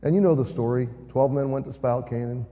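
A man's voice: medium pitch, fast, mellow, long reverb tail. A man preaching a sermon, retelling the story in an earnest way and building emphasis as he goes.

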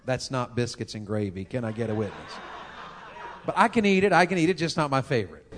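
A man's voice: mid-range voice, animated, brisk, fairly bright tone, slight background noise. A man preaching a sermon, driving his points home with rhetorical questions. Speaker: pastor.

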